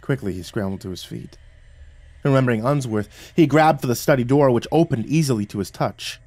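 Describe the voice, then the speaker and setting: A man narrating a horror story, swinging from hushed to loud and urgent. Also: mid-range voice, fairly quick.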